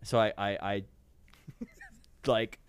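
A man's voice: fairly low pitch, fairly even intonation, very slow, clear, resonant tone, no echo. A man co-hosting a casual podcast, telling a profane story and laughing a lot. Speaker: podcast co-host.

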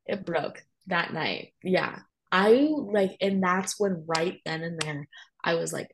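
A woman's voice: fairly low pitch, slow pace, husky, low-quality recording. A young woman telling a personal story in a chatty way, full of "like" and emphatic asides. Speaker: guest sharing a personal story.

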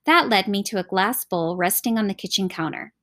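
A woman reading a novel aloud as scripted audiobook narration, expressive and animated. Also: mid-range voice, fairly quick. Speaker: audiobook reader.

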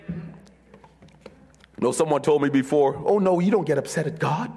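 A man preaching a sermon as pastor, his voice swinging from sung high calls down to low, quiet murmurs. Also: unhurried, long pauses, husky.

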